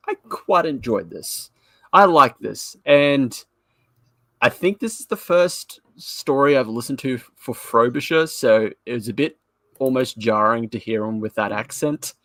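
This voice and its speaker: A man's voice: medium pitch, animated, a little slow, a bit bright, dry recording. A man co-hosting a live review show in a loose, chatty way. His voice sits in a middle range and the sound is dry and close. He rambles and laughs as he goes. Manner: jokey, laughs often, rambling. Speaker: podcast co-host. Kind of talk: casual live review chat.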